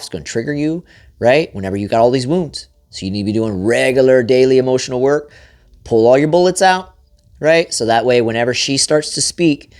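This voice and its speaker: A man talks straight to the camera with blunt, profanity-laced marriage advice, his voice sitting at an ordinary mid pitch. He keeps punctuating points with a checking "right?" and pushes energy up and down as he coaches. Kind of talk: motivational advice talk to camera.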